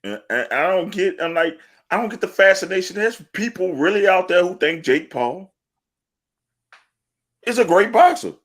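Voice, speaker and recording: Boastful, animated male podcast co-host. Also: high-pitched, normal speed. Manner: boastful, animated storytelling with laughs and profanity. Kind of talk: casual sports talk.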